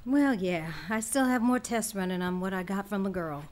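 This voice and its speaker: A woman voicing a weary middle-aged scientist and mother who speaks in a measured, reserved way. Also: mid-range voice, darkish tone, natural voice. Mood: tired.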